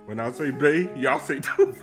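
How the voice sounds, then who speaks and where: A man's voice: medium pitch, moderate pace, soft background music, natural voice. A man plays a laid-back male basketball star in a comic podcast impression. He drawls lazily, hums between phrases and keeps it playful.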